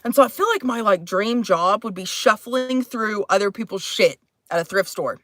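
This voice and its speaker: A woman's voice: medium pitch, animated, moderate pace, fairly bright tone, no echo. A woman in her thirties from Texas, with mixed, shifting accents, chatting casually and profanely on a livestream, rambling and sighing often. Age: 30s.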